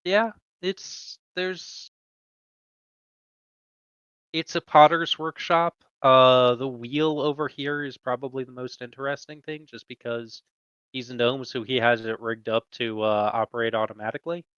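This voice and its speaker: A man narrating a tabletop game as game master, slow and halting with many fillers. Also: mid-range voice, fairly even intonation, fairly bright tone, clean tone, no echo, dull audio.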